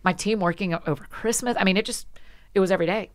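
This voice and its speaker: A woman guest on a podcast, chatting casually and telling stories with animated energy and quick asides. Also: medium pitch. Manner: frequent laughs and quick asides. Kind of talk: casual conversation.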